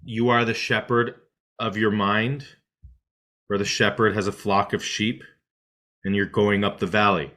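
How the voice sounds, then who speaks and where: A man with a fairly low but bright, forceful voice explains meditation to listeners. He talks in an animated way, jumping up in pitch to act out the thoughts running through someone's head, and keeps checking in with a quick "right?". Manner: animated, acts out inner voices with rising pitch; repeats "right?" often. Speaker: meditation teacher.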